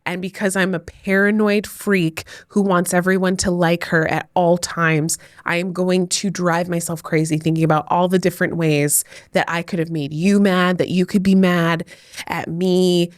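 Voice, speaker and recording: A woman's voice: on the low side, steady tone, moderate pace, no room sound, studio quality. A woman co-hosting a casual comedic chat, self-mocking and playing up mock outrage. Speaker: podcast co-host, teacher.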